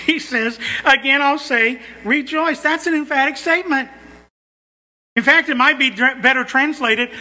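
A male preacher with a very high, bright voice delivers a sermon slowly and emphatically, repeating phrases for weight. The long reverb of a large church hall carries his words.

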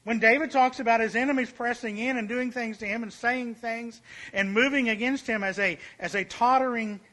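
A man preaching a sermon, stressing key phrases by repeating them and slowing down, with his voice falling softer at the ends of points. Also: very high-pitched, fairly even intonation. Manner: emphatic, repeats key phrases, slows and drops to a hush for emphasis.

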